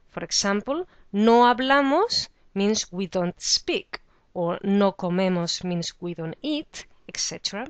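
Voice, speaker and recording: A woman's voice: medium pitch, dry recording. Woman teaching beginner Spanish, dry close sound. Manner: clear, slow model pronunciation of example words. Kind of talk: scripted language lesson.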